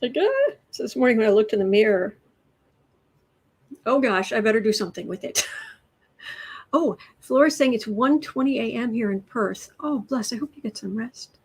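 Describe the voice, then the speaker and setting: A woman's voice: a little high, normal speed, long pauses, breathy edge, poor audio. A woman hosting a tarot livestream in a casual, rambling way, greeting viewers from the chat and chatting as she goes. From United States.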